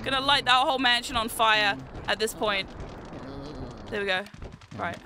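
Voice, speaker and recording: A woman streamer giving live gameplay commentary. She is excitable, shrieks and swears at the game, and makes chatty, self-mocking asides to viewers. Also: on the high side, normal speed, a little hiss or hum. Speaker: VTuber streamer playing a video game. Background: game music.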